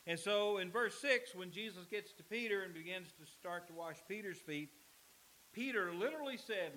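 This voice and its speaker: Guy preaching in church, swoops all over, bright ringing voice, faint hiss. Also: sits high, expressive, rough recording. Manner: emphatic preaching, dramatic pauses, acts out quoted lines. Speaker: pastor. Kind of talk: sermon.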